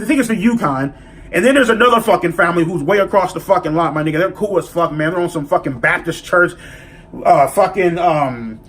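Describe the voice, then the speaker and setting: A man telling a story in a casual vlog, profane and animated as he rants. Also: high voice. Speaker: vlogger.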